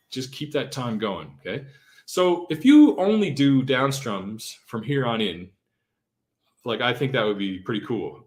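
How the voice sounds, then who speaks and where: A man giving a live-streamed guitar lesson in a casual, chatty way, often checking in with "okay?" and counting beats aloud. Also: medium pitch. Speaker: guitar teacher. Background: his own acoustic guitar strumming.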